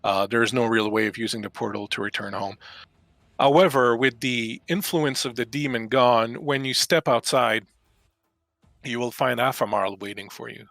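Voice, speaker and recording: A man's voice: medium pitch, creaky, a bit bright, no room sound. A man narrating a tabletop game as game master, telling the story in a descriptive, dramatic way over a video call.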